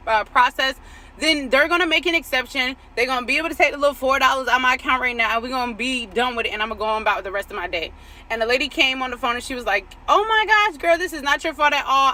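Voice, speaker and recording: A faith coach talks casually outside as vehicles go past, her high, sharp voice coming through a rough recording. She tells a personal story loaded with "like" and "right?" plus affirmations about trusting God.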